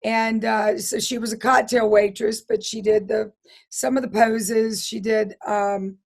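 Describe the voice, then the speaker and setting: A hoarse middle-aged woman, a guest telling her life story in an interview in an earnest, halting way with frequent restarts. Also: on the high side, level tone. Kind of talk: personal testimony interview.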